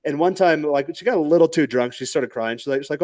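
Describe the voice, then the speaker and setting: Man, podcast host, rambling casual talk, quick pace, dry close sound. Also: fairly high pitch, darkish tone, no room sound. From United States. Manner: rambling, lots of fillers and restarts.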